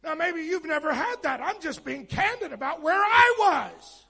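High gravelly guy preaching a sermon, gets loud and fired up, then real candid and chatty. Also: lively intonation, normal speed. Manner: fervent preaching that swells to shouts; candid, conversational asides. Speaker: pastor.

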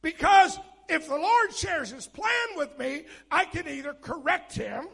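A man preaching a sermon as pastor, fervent and rising to shouts, with candid conversational asides. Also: extremely high pitch, lively intonation, a little slow, vocal fry.

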